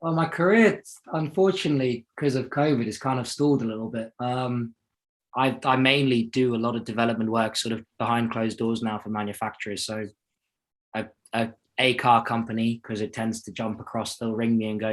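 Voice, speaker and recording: A man's voice: medium pitch, fairly even intonation, brisk, a bit bright. A young adult man from South Africa, a racing driver talking casually as an interview guest, rambling and self-deprecating with many restarts.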